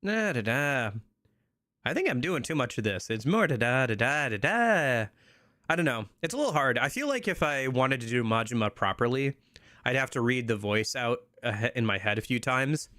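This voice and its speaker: A man's voice: medium pitch, sing-song, a little fast, bright, forceful tone, dry recording, clean studio sound. A man casually commenting while he plays a video game, rambling with many fillers. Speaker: streamer playing a game. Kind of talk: casual let's-play commentary.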